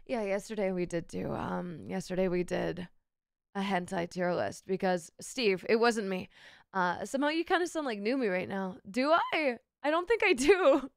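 A woman's voice: medium pitch, lively intonation, moderate pace, creaky, smooth, no echo, clean studio sound. A young woman streamer with a sick, sore throat, chatting playfully with her viewers and swearing freely. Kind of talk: casual live-stream chat with viewers.

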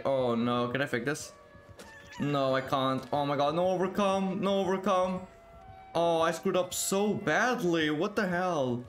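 A man giving excited live gameplay commentary, exclaiming often and repeating words in quick bursts. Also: a little high. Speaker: gaming video creator.

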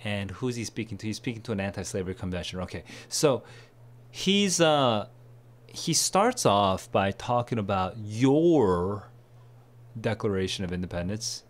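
A man's voice: expressive, moderate pace. Tired man thinking aloud. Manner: tired, musing, low-energy. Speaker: test prep tutor. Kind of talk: thinking aloud while reading.

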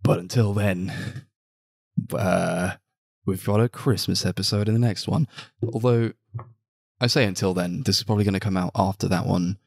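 A man's voice: low-pitched, fairly even intonation, moderate pace, gravelly, no echo, clean studio sound. A man co-hosting a casual film podcast, joking, laughing often and acting out characters' lines. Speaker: podcast co-host.

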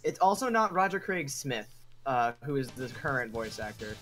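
A man's voice: mid-range voice, sing-song, moderate pace, a bit bright, slight background noise. A young man chatting casually while racing through a video game, often trailing off and restarting his sentences. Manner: hesitant, many fillers and restarts. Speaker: gamer playing a speedrun race. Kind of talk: casual gaming chat. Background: game music.

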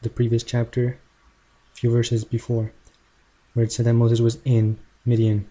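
A man with a dark, husky voice argues point by point against a critic. His tone is combative and mocking, and his pitch stays flat. It sounds like a talking-head rebuttal video. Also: moderate pace. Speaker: video creator responding to a critic.

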